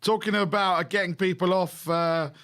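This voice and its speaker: A man's voice: high-pitched, steady tone, normal speed, a bit bright. A man co-hosting a football fan show, teasing the others in a jokey, casual way.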